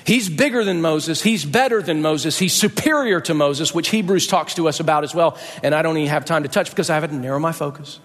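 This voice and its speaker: A male pastor preaching a sermon, emphatic and rising sharply in pitch to stress points. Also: a little fast, hardly any pauses, in a large hall.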